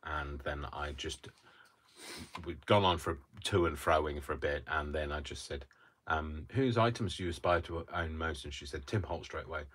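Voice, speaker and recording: A man's voice: rumbling low, moderate pace, fairly bright tone, breathy edge. A man hosting a live crafting tutorial from his home craft room, chatting in a wry, joking way. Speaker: crafting host.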